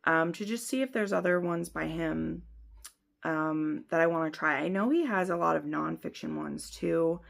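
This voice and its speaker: A woman's voice: sits low, moderate pace, creaky. A woman hosting a book channel, talking through her reading in a chatty, rambling way with lots of fillers. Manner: laughs at herself often. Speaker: book vlogger. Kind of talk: casual book review chat.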